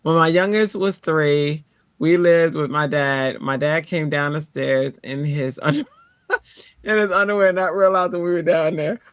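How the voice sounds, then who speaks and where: Woman host, deep voice, chatty and laughing, slightly dull lo-fi sound. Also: a little slow, clean tone, no room sound. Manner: animated storytelling, laughs often. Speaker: craft show host. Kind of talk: casual chat.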